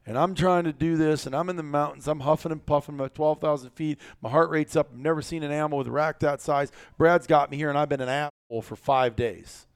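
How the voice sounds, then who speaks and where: A man hosting a casual podcast, telling a story in a blunt, profane, animated way. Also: on the high side, clear, resonant tone, no room sound, studio quality. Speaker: podcast host.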